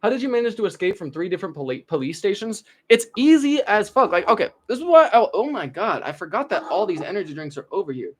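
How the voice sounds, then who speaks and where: A young man with a high, light voice chats on a livestream, swearing freely and drifting between stories and chat questions. He rambles, repeats himself, and lets his sentences trail off into low mumbles. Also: big pitch swings, fast talker, few pauses. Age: young adult. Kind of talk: casual livestream chat and storytelling.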